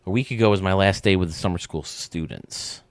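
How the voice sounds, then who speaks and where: A man's voice: low voice, lively intonation, a little fast, dry recording. A man hosting a live stream, chatting casually and ranting bluntly, often restarting his sentences.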